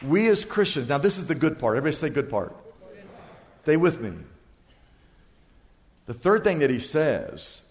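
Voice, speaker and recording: Male pastor, sermon delivery, dynamic with sudden high loud peaks, reverberant sanctuary sound. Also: expressive, moderate pace, pauses often. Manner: acts out little dialogues for illustration.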